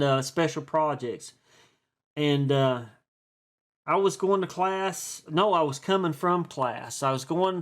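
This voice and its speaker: A man's voice: high-pitched, a bit bright. A man with an East Tennessee accent, rambling in a chatty, folksy way through a casual vlog monologue, full of fillers and restarts. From East Tennessee, USA. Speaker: stock and crypto video host.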